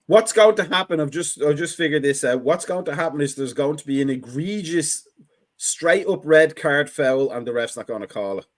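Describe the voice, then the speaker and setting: Man, fairly high voice, very lively, dry jokey match banter. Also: moderate pace. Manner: dry wisecracks, slips into mock voices. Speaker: watchalong co-host. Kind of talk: casual match commentary chat.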